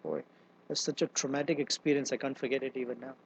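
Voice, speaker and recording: A man's voice: mid-range voice, sing-song, fast, a little hiss or hum, rough recording. A man giving a scripture class lecture, chanting Sanskrit verses and explaining them in a conversational way with side jokes and asides. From not from America. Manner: conversational teaching with asides and humor. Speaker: Bhagavatam class speaker.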